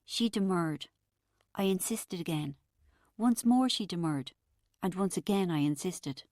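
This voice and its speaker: Low-voiced woman narrating an audiobook. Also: expressive, measured pace, long pauses, darkish tone, dry recording, studio quality. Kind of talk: first-person audiobook narration.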